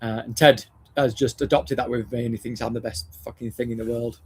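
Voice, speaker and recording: A man's voice: medium pitch, little pitch movement, fairly quick, slight background noise. A man, a dog trainer hosting a casual live discussion, talking bluntly, swearing often and restarting his phrases.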